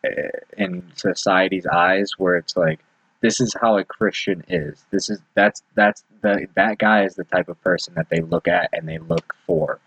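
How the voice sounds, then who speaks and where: Low-voiced man in earnest casual chat. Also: very animated, moderate pace, creaky, fairly bright tone, slightly rough, no room sound. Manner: earnest, swearing, many fillers. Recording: dull lo-fi dry sound.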